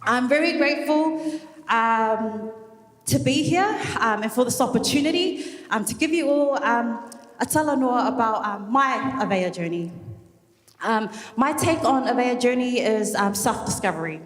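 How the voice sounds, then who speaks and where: Woman from New Zealand, high voice, candid emotional graduation speech, heavy fillers, echoey hall with long reverb. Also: animated, measured pace. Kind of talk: personal speech at a ceremony.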